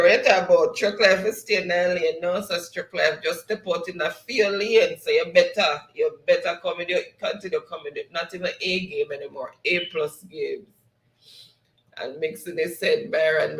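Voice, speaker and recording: Jamaican male host, higher voice, laughing comment reader, roomy sound. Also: a bit bright. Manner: laughs often, reads comments aloud in patois. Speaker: show host. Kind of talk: casual live-stream chat, reading viewer comments.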